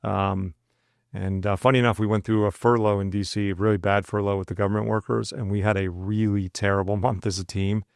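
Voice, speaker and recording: A man co-hosting a podcast with a gravelly, somewhat low voice, telling anecdotes in a loose, chatty way. He acts out the back-and-forth of the dialogue in his own voice, with plenty of asides. The recording is dry and close. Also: little pitch movement, a little fast, no room sound. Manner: loose and conversational, with frequent asides. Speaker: podcast co-host. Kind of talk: casual storytelling chat.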